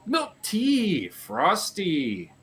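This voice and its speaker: A man's voice: high-pitched, huge pitch swings, very slow, a bit bright. A Canadian man hosting a live podcast, joking around and reading out viewer names. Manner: playful, jokey, rattling through a list. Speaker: podcast host.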